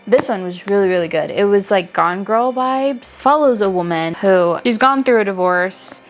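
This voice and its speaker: A young woman reviewing books in a casual, animated chat, gushing and swearing freely. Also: medium pitch, normal speed, a little hiss or hum. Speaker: book reviewer.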